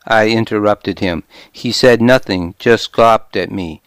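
Slow, smooth-voiced male narrator. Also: on the low side, no room sound. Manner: measured, steady storytelling. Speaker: audiobook narrator. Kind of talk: scripted first-person narration.

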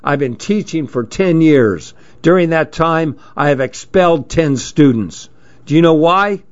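A grumpy, thickset bald schoolteacher , as a man puts him on, barks out rules in a clipped, strict manner. He speaks slowly and a little higher than the narrator's own voice. The recording sounds dull and lo-fi, like a storybook audio. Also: expressive. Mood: stern. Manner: barking orders, clipped and strict. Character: stern stubby bald male schoolteacher, angry.

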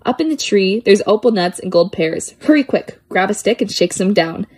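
A woman's voice: medium pitch, expressive, moderate pace, darkish tone, slightly rough. Woman reading children's poems, sing-song. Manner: lilting, playful sing-song delivery. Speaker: poetry reader.

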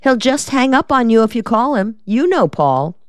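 A woman reading the part of a quick-witted, sassy young female secretary in an audiobook, with a wry drawl. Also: fairly high pitch, sing-song, no room sound, studio quality, voice pushed up.

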